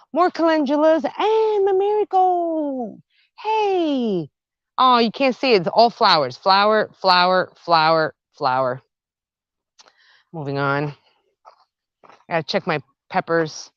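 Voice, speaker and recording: An excitable woman walks through her backyard garden filming on her phone and chatting the whole way. Her slightly low voice swoops up and down as she gushes over her plants. The audio is dry and a little muffled. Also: measured pace, long pauses, no room sound. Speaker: gardening vlogger. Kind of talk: casual walk-and-talk vlog.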